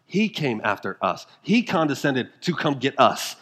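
A man preaching a sermon as pastor, emphatic and full of rhetorical questions, moving between quiet intensity and rising fervor. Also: mid-range voice, very animated, a little slow, few pauses.

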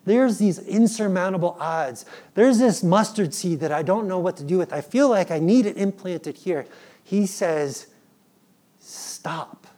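A man in his thirties, a father, preaching a sermon in an animated, playful way and acting out his children's pleading. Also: high-pitched, moderate pace. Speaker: pastor.

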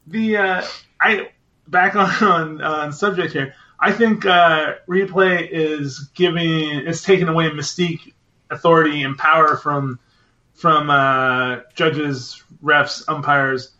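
A man's voice: fairly high pitch, steady tone, slow, sharp tone, highs cut off. A man in casual podcast chat, telling rambling, profane stories with acted-out quotes.

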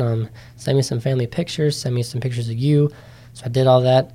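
A nineteen-year-old man in a casual interview, telling his story with many ums and likes and lively quoted voices. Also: medium pitch, fairly quick. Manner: chatty, animated when quoting others, many ums and likes. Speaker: interview guest, competitor.

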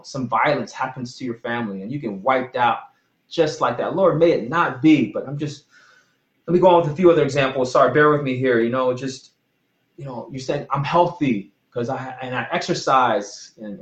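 Pastor, male, mid-pitched, earnest and rambling, preaching casually in a reverberant room. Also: lo-fi sound. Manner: earnest, rambling with frequent restarts and apologies. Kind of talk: informal sermon.

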